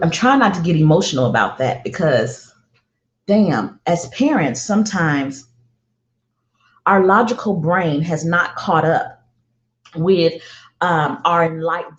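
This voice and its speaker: A middle-aged woman telling a personal parenting story, emphatic and deliberate, often repeating herself for weight. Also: low voice. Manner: emphatic, slow and deliberate with heartfelt repetition. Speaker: parenting speaker. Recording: roomy, dull lo-fi sound.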